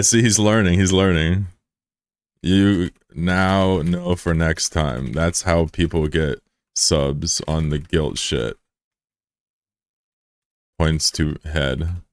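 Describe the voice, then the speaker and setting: A man's voice: sits low, no echo. A man streaming live, chatting casually with his viewers, joking and swearing as he banters with chat.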